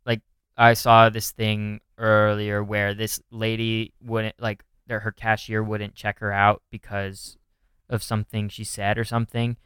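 A young man talks in a loose, rambling way, full of "like" and half-finished thoughts. His voice sits on the low side and comes across smooth and clear. The sound is close and dry, with no room around it. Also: completely flat delivery, a little slow, a bit bright, no room sound. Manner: rambling, filler-heavy, trails off mid-sentence. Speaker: podcast co-host. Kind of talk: casual chat.

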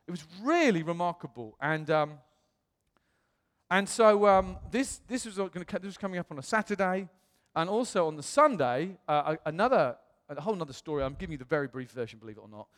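Animated man preaching in reverberant hall. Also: on the high side, a little fast. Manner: animated storytelling, acts out quotes, self-mocking humor. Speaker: pastor. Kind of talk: personal testimony sermon.

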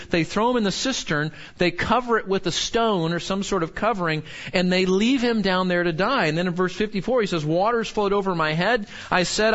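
A man's voice: sits high, fairly bright tone, lo-fi sound. A man teaching a Bible study in a conversational sermon, earnest, asking the group questions and restarting his sentences.

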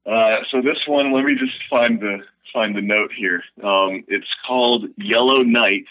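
A man's voice: on the low side, unhurried, phone-quality sound. A man guesting on a podcast, recounting a comedy idea in loose, swearing, casual talk. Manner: loose storytelling, swears and laughs easily. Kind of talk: casual chat.

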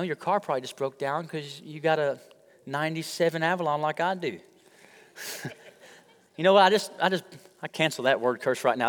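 The voice belongs to a pastor, fairly bright and pitched on the high side, preaching a joking, conversational sermon with call-outs to the congregation. The recording carries the long reverb of a church sanctuary.

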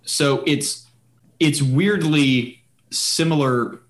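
A man's voice: a little high, very slow. A man hosting a casual podcast chat, rambling with many fillers and restarts. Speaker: podcast host.

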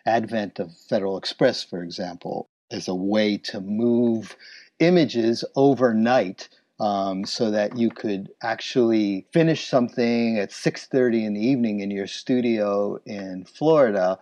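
A man telling stories about his illustration business and acting out remembered conversations in lively voices. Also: fairly low pitch, measured pace, dry recording. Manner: animated, acts out remembered dialogue. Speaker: interviewee, illustration business owner. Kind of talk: reflective storytelling. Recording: slightly dull, dry recording.

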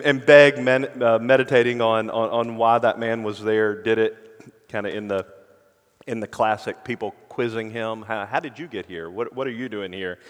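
Man preaching a sermon in a reverberant hall. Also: lowish voice. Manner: earnest preaching, dropping to hushed emphasis. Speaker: pastor.

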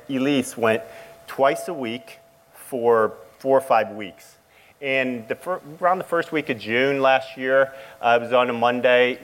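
A middle-aged man tells a church gathering about his bond with his grown child. He speaks in a halting, heartfelt way, often stopping and starting his sentences again. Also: medium pitch, poor audio. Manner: halting, emotional storytelling with many restarts. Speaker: father sharing a testimony. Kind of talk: personal testimony to a church audience.

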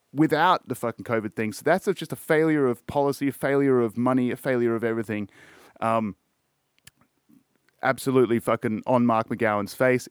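A man's voice: medium pitch, smooth, dry recording, studio quality. An Australian man hosting a podcast, ranting in casual chat with constant swearing and repeated words. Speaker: podcast host.

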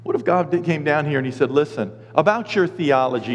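Man preaching, middle-aged, slightly high voice, long church reverb. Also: a little fast. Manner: animated, acts out voices of people and God. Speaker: pastor. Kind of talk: sermon.

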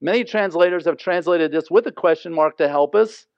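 A man's voice: a little high, fairly quick, no echo. A man teaching a Bible passage in an earnest, conversational way, often asking listeners to imagine the scene. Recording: dry, slightly dull lo-fi sound.

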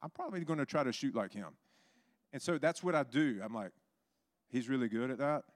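A man who pastors a church, telling stories in a sermon, lively and acting out the people in them. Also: brisk. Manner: animated, acts out others with big pitch jumps. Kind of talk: sermon storytelling.

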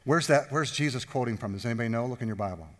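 A pastor preaching a sermon, joking and drawing the congregation in with questions. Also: male voice, medium pitch, very fast, long reverb tail. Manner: jokey, talks with the congregation.

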